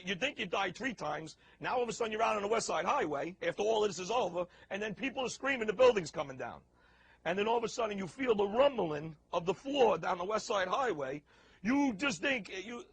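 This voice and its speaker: A man giving an emotional eyewitness account, halting and repeating himself as he restarts phrases. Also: sits high, gravelly, a little hiss or hum, rough recording. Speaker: eyewitness, building worker.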